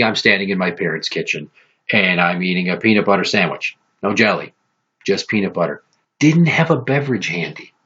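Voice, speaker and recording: A man with a low, husky voice hosts a podcast and spins profane, animated stories. He talks with a hard, forceful edge. The audio is dull and lo-fi. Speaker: podcast host. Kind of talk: casual podcast storytelling.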